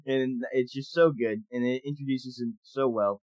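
A young man co-hosting a casual film discussion, chatty and animated, laughing often as he talks. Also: medium pitch, unhurried, muffled recording. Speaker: podcast co-host.

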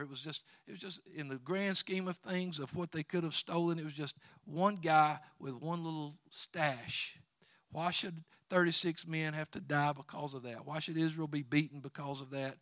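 A man preaching a sermon, quoting scripture and swinging between loud exhortation and quiet asides. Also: on the high side, no echo, studio quality.

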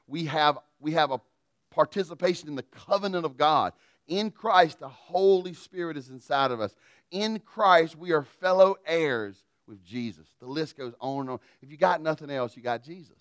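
Folksy preaching man, smooth and dry. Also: on the high side, normal speed, a bit bright, no echo. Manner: folksy, humorous storytelling preacher. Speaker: pastor. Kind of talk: sermon.

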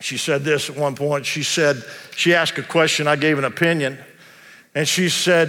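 Male pastor, high-pitched voice, humorous storytelling sermon, long echo of a big church hall. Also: steady tone, bright, forceful tone. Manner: storytelling, conversational and humorous, slows down to preach. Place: large church sanctuary. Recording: long reverb of a large hall.

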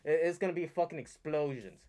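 A man's voice: fairly high pitch, fairly quick. Fired-up, cursing man ranting on a podcast. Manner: animated, profane, ranting. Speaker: wrestling podcast co-host. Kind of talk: casual chat, heated recap.

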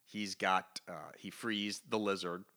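A man co-hosting a comic book podcast, retelling stories with lively, acted-out character lines. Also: low voice, takes it slowly. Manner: animated storyteller, acts out characters' lines. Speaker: podcast co-host. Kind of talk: casual comic book review chat.

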